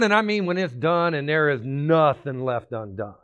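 A male pastor preaching a sermon, emphatic and excitable, repeating phrases and bursting into sudden shouts. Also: fairly high pitch, moderate pace, clean tone.

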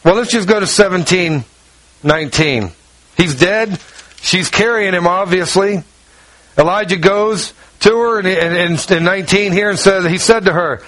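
A man's voice: unhurried, a bit bright, no room sound, low-quality recording. A man preaching a sermon, telling a personal story in a folksy way, acting out quoted dialogue and reading scripture. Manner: folksy storyteller, acts out quoted dialogue, drops low for asides. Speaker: pastor.

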